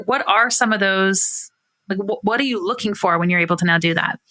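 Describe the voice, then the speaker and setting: A woman's voice: mid-range voice, a little fast, pushed and bright. A woman clinician hosting a podcast interview, asking long, chatty questions full of fillers.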